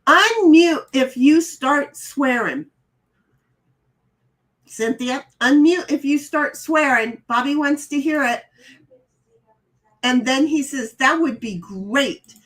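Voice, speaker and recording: A middle-aged woman with a fairly high voice hosts a relaxed live stream. She reads chat messages out loud and riffs on them, often stumbling and restarting her sentences in a chatty way. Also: slow pace, long pauses. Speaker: streamer host reading chat.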